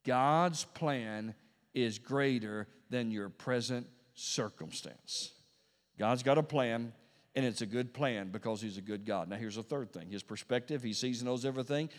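Pentecostal preacher guy, mid voice, goes from quiet and slow to loud and up high, lots of repeating, big hall echo. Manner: preaching with wide swings between hushed and loud; repeats phrases for emphasis. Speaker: pastor. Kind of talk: Pentecostal sermon. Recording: long reverb of a large hall.

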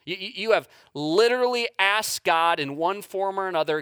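Male pastor, sermon delivery, bright edgy voice, stumbles over repeated words, dry close sound. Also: high voice, normal speed, few pauses, clean tone, dry recording. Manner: stammering word repeats, swings from hushed to intense.

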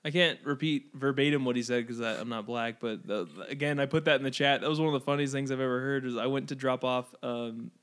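A man's voice: mid-range voice, steady tone, quick pace, few pauses, fairly bright tone, clean tone. A man co-hosting a podcast, casually telling stories and acting out what people said. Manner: storytelling, acts out quotes, swears casually. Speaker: podcast co-host. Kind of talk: casual chat.

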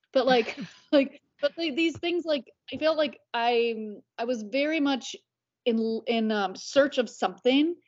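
A woman, chatting as a podcast guest and filling her talk with "like". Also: fairly high pitch. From United States. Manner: chatty, many "like" fillers. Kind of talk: casual conversation. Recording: dull lo-fi audio.

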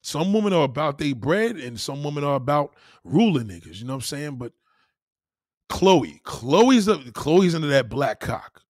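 A man's voice: a little high, moderate pace, dry recording, studio quality. A man hosts a podcast and rants in a crude comedic style, swearing freely and laughing at his own lines. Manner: animated, profane, laughing asides. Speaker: podcast host.

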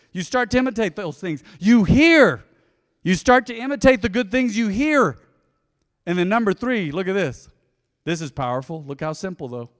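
A man's voice: high-pitched, a bit bright. A middle-aged man preaching a sermon as pastor, folksy and storytelling, acting out quoted voices. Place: church sanctuary. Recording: long hall reverb.

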